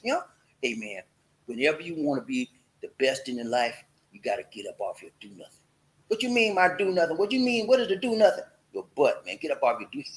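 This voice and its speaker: A man's voice: a little high, a bit bright, rough recording. A man hosting a casual motivational talk, playful and preachy, slipping into sung and chanted lines. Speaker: host.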